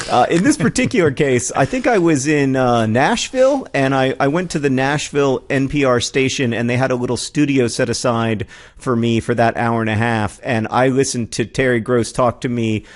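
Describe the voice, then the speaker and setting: A man's voice: mid-range voice, animated, moderate pace. A man in his forties co-hosting a casual comedic chat, rambling with lots of ums and restarts. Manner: rambling, self-deprecating, many ums and restarts. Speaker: podcast co-host. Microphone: studio mic with headphones.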